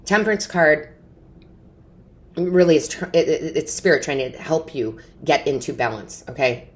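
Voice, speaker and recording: Low-voiced earnest woman reading tarot. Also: expressive, moderate pace. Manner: earnest, emotional, often asks "right?" and "okay?". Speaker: tarot reader and medium. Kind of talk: intuitive tarot reading to camera.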